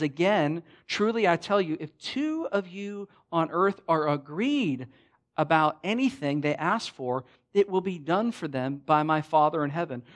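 A man preaching a sermon in a church, conversational and animated, acting out the lines of the people in his story. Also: fairly high pitch. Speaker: pastor.

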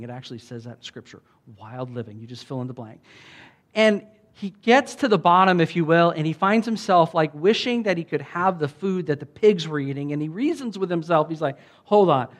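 A man preaching a sermon, telling a parable in a casual way and raising his voice when he reads the quoted lines. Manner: animated, voice rises high when reading quoted lines; casual, many fillers, laughs often. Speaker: pastor.

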